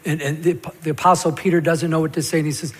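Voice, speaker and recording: A man preaching a sermon as a pastor, telling the scripture story in a lively way and acting out the stammering parts. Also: fairly high pitch, fast. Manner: animated storytelling, acts out Peter's stammer. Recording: long hall reverb.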